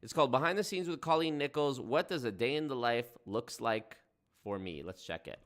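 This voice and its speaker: A man's voice: mid-range voice, fairly quick, a bit bright. A young man hosting a livestream, talking in a sarcastic, profane, rambling way. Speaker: livestream host. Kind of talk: casual stream commentary.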